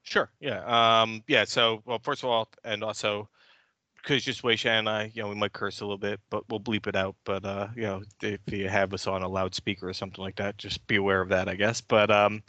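A man's voice: lowish voice, brisk, bright, forceful tone, no echo. Blunt, swearing co-host, a man. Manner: blunt and heated, swears, rants. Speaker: podcast co-host. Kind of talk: casual podcast chat. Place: New York City.

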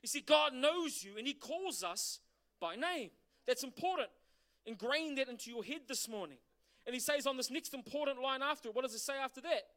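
A man's voice: very high-pitched, fairly quick. A middle-aged man preaching a sermon as pastor, asking the congregation questions. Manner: animated preaching with rhetorical questions.

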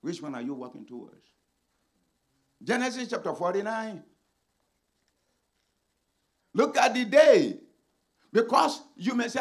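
A man preaching a sermon as a pastor, swinging dramatically between shouted lines and hushed ones. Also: high-pitched, big pitch swings, unhurried, long pauses.

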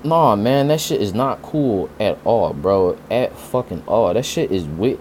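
A man's voice: on the low side, lively intonation, unhurried, a little mellow, a little hiss or hum. A man giving a casual, profane commentary rant, incredulous and rambling with lots of fillers. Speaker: commentary vlogger. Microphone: desk mic near a fan.

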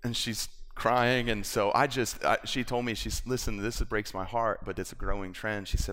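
A man's voice: on the low side, steady tone, moderate pace, hardly any pauses, fairly bright tone. A man preaching, telling a personal story with acted-out quotes and laughter. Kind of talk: sermon storytelling. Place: church.

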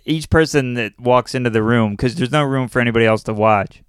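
A man's voice: medium pitch, a little fast, smooth, no echo, studio quality. A young adult man, a comedian, telling a story in casual chat and laughing often at himself. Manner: laughs often while telling stories, self-deprecating.

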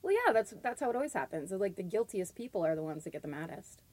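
A woman's voice: mid-range voice, big pitch swings, fast talker, darkish tone. A woman appearing as a guest on a comedy podcast, dropping dry wisecracks in casual chat.

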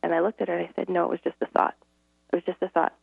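A woman's voice: fairly low pitch, flat delivery, very fast, creaky, breathy edge, dry recording. A middle-aged woman, a guest, telling stories earnestly, acting out dialogue and laughing often. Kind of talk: casual interview storytelling. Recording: tinny phone-line audio, dry.

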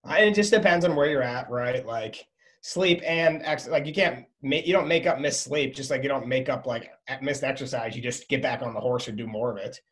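A man in his thirties chatting as a podcast guest, telling animated stories and acting out his toddler. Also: mid-range voice, a little fast. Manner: animated storytelling, acts out his son. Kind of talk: casual interview chat.

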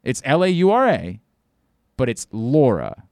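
A man's voice: medium pitch, wildly swooping pitch, a little slow, a little mellow, dry recording, clean studio sound. A man hosting a sports radio show, talking emphatically and often stumbling over and repeating his words. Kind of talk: casual sports talk.

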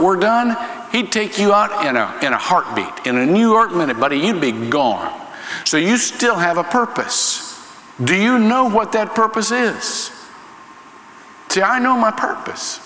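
A man's voice: high voice, fairly bright tone, slight background noise. A man preaching a sermon in an emphatic, conversational way, often repeating words. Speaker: pastor. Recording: echoey hall reverb with faint ambience.

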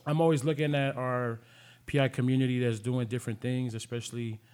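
A man's voice: medium pitch, level tone, fairly quick, darkish tone, clear, resonant tone. A man co-hosting a podcast, joking around in slangy, casual talk. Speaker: podcast co-host. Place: podcast studio.

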